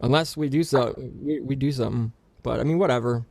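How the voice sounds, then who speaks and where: A young man in casual podcast banter, rambling and excitable, swearing freely. His voice sits at a middling pitch on a dry, close microphone. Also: a little fast, gravelly, dry recording. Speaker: podcast host.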